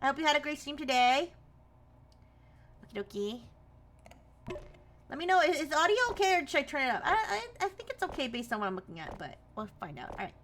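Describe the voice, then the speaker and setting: A woman's voice: high voice, sing-song, brisk, long pauses, fairly bright tone, a little hiss or hum. A young woman streaming a game live, chatting casually and laughing often as she greets viewers by name.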